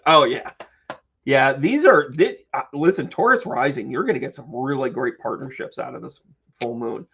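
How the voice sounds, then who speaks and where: A man hosting a live-stream tarot reading who chats with viewers, playful and joking with quick asides. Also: medium pitch, fairly bright tone, breathy edge, muffled recording. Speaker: psychic medium and tarot reader.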